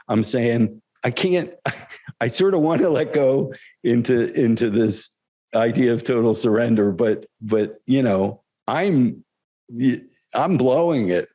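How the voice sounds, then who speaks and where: An older man shares spiritual stories in an unhurried, reflective talk. His voice is mellow and relaxed, and he pauses often and chuckles along the way. He speaks at a slow, thoughtful pace. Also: mid-range voice. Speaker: spiritual storyteller.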